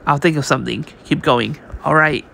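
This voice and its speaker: Guy reading a comic out loud, kinda high and gravelly, stumbles and restarts a lot. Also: fairly even intonation, brisk, a little hiss or hum. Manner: unpolished reading with frequent restarts and read-out sound effects. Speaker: channel host reading a manga aloud. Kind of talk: casual reading aloud of a comic.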